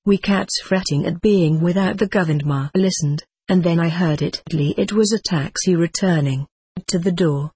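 Husky audiobook narrator. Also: medium pitch, dry recording. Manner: even, storytelling read in the voice of a cat.

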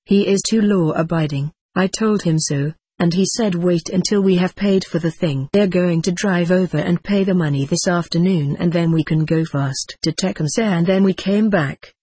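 A reader voicing an excitable blind female house cat in an audiobook, with a bubbly, excited manner. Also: mid-range voice, normal speed, hardly any pauses, slightly rough, no room sound, lightly acted. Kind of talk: audiobook reading.

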